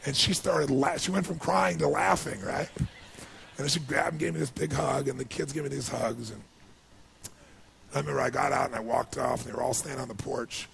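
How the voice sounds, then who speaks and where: A man's voice: fairly quick, creaky, slight background noise. A middle-aged American man, a motivational speaker, telling a personal story to an audience with impassioned, swelling delivery. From United States. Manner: impassioned, swelling and climbing in pitch when excited. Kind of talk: emotional storytelling speech to an audience.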